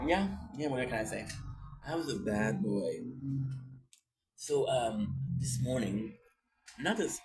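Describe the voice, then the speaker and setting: A man's voice: medium pitch, lively intonation, slow, pauses often, a little mellow, a little hiss or hum. A man, short on sleep, rambling goofily through a daily video diary and joking around. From Canada. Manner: goofy, rambling, breaks into sung bits and jokey voices. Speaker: vlogger.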